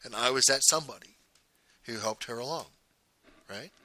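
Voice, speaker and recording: Bright-voiced man telling a story. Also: mid-range voice, moderate pace, no echo, low-quality recording. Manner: conversational, often quoting dialogue. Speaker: host. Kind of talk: personal storytelling.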